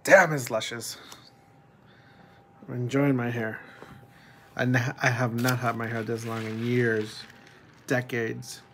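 A man's voice: medium pitch, flat delivery, takes it slowly, long pauses, noisy background. A young man vlogging at home, chatting casually and rambling about his day and his cat. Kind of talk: casual chat to camera. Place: at home, pet cat nearby.

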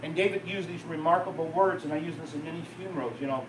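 In a church sanctuary, a pastor with a high-pitched male voice tells a story as a sermon, rising in intensity and then falling low, expressive and a little fast. The distant recording carries the room's ringing echo, along with faint ambience and background noise.

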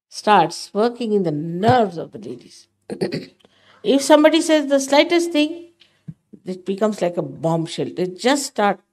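A woman's voice: medium pitch, a little mellow. An older woman giving a spiritual talk to her followers, emphatic and motherly, often scolding. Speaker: spiritual teacher.

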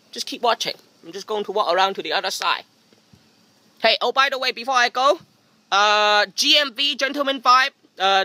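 A dry recording captures a man with a very high voice vlogging by a private pool outdoors via his phone's front camera. He rambles comedically, sarcastic and deadpan, making jokes about himself.

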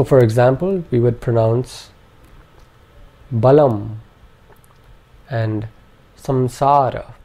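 A man's voice: mid-range voice, creaky, dark tone, husky. A man narrating a scripted language lesson, carefully enunciating each syllable and repeating words for practice. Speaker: language teacher.

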